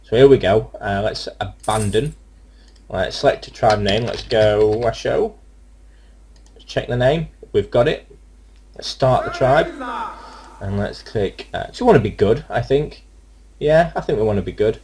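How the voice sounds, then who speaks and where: Lad talking over his game, slightly low voice, rambly and unsure. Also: measured pace, long pauses, a little mellow, a little hiss or hum. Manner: rambling, hesitant, many ums. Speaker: let's play gamer. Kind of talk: casual gameplay commentary.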